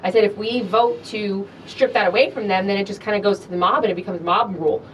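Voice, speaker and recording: A woman co-hosting a podcast, telling a story in a lively, animated way and acting out both sides of a conversation, with an American accent. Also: fast. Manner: animated, acts out dialogue with big pitch jumps. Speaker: podcast co-host. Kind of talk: casual storytelling chat. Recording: distant mic with faint low rumble.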